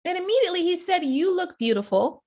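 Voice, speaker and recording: A woman's voice: very high voice, fast. A woman co-hosting a casual show recap, chatting animatedly and acting out quotes. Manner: animated, acts out quotes in playful voices. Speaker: podcast co-host.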